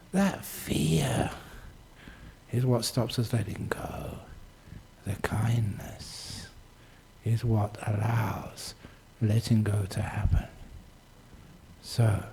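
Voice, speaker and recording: A man leading a guided meditation, soft and unhurried, often dropping into a whisper, with gentle humor. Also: fairly low pitch, creaky, slight background noise. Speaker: meditation teacher.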